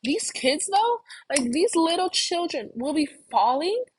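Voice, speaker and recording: A young woman vlogger telling a story in a rambling, self-deprecating way, swearing casually, with a husky voice. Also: very high-pitched, big pitch swings, a little slow, noisy background.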